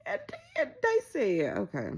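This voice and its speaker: Casual woman recapper, gravelly and husky, slow and animated. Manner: animated, acts out quoted lines with pitch jumps. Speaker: reality TV recap vlogger.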